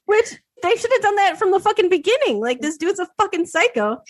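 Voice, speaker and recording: A woman in her thirties co-hosting a podcast, telling an animated story with lots of swearing and acted-out quotes. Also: very high-pitched, fairly quick, no echo. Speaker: podcast co-host. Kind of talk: casual chat.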